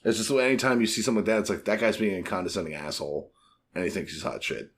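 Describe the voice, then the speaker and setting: A man, co-hosting a podcast in casual chat, animated, swearing and acting out quotes. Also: lowish voice, rapid-fire, a crowd in the background. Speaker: podcast co-host.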